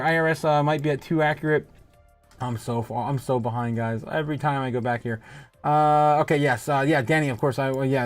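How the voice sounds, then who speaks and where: A livestream host sits close to a desk mic and chats casually, reading viewer comments aloud and laughing often. His voice is on the high side, giggly, with no echo.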